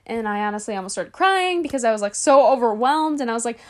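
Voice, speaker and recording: A woman's voice: on the high side, lively intonation, fast talker, few pauses. A young woman hosting a podcast, talking candidly in a casual monologue and dropping plenty of "like" fillers. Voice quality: chatty, full of "like" fillers. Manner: candid, confessional storytelling. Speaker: podcast host.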